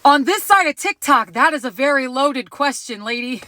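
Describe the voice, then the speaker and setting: A woman casually telling a personal story to camera, animated and laughing, acting out the voices of the people in it. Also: high voice, normal speed, hardly any pauses, no echo.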